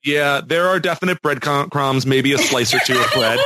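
Man, young, podcast co-host, playful, laughs often, very lively pitch. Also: moderate pace, slight background noise. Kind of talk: casual chat.

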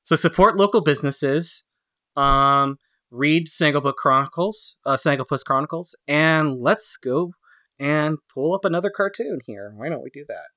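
A man's voice: a little high, moderate pace, sharp tone, dry recording, studio quality. A man co-hosting a podcast, chatting casually about cartoons, laughing often and rambling with lots of fillers. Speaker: podcast co-host. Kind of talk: casual chat reviewing cartoons.

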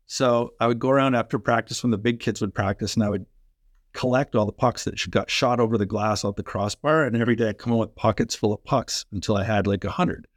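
A middle-aged man from Canada, a former pro hockey player, telling energetic, fast-flowing stories in a podcast interview. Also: lowish voice, dry recording, clean studio sound. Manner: energetic, fast-flowing anecdotes with quoted dialogue. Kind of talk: animated storytelling in a podcast interview.

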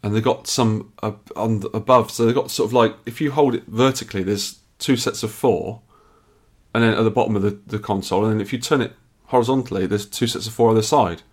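A man's voice: on the low side, fairly even intonation, fairly quick, breathy edge. A man co-hosting a podcast, telling a long rambling story in casual chat, a bit tired from lack of sleep. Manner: chatty, rambling storyteller with restarts. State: tired and yawning. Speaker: podcast co-host.

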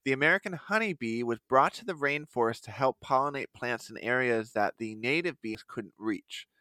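A man's voice: medium pitch, expressive, moderate pace, pushed and bright, no room sound. A man co-hosting a podcast in casual comedic chat, laughing often and slipping into silly voices. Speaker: podcast co-host.

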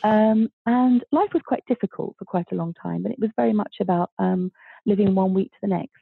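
Husky bubbly woman on a thin line. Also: medium pitch, brisk, no echo. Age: 50s. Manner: animated, bubbly, acts out quoted dialogue. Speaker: guest author. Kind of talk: interview storytelling. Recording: thin phone-like line, dry.

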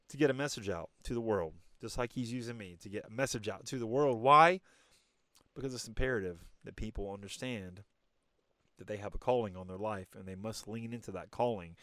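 A man's voice: mid-range voice, expressive, fairly quick, dry recording, studio quality. A man giving an emphatic, preachy motivational talk straight to the listener as a podcast host. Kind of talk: motivational monologue.

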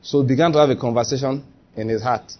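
A man with a Nigerian accent, preaching a lively sermon and acting out quotes. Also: mid-range voice, fast talker, highs cut off. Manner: lively, chatty preaching with acted-out quotes and laughter. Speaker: pastor.

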